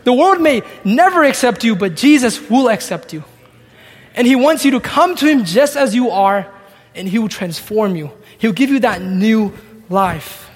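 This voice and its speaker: A man's voice: extremely high pitch, animated, normal speed, husky, in a large hall. A man preaching a sermon, reading scripture aloud and acting out its dialogue. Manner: expository, reads scripture and acts out the dialogue.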